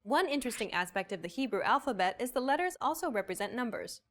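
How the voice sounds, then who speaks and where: Lesson host, woman, slightly high and animated, soft music under. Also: fast. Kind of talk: scripted lesson narration.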